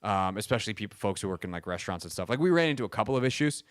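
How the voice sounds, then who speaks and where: A man's voice: fairly low pitch, lively intonation, very fast, clear, resonant tone, dry recording. Rambling man hosting sports radio, dry studio. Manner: rambling, self-mocking storytelling. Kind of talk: casual radio chat. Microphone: studio microphone.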